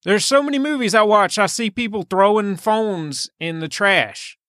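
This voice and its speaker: A man with a slightly high voice trades deadpan, goofy asides in a casual movie-review podcast. The sound is close and dry, with no room around him. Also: normal speed, no room sound. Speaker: podcast co-host.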